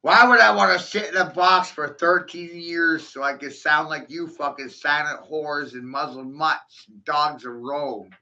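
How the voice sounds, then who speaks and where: Man, profane mocking rant, bright edgy tone, dull lo-fi recording. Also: on the high side, measured pace, vocal fry, few pauses. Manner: punctuated by scornful laughs. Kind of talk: ranting monologue.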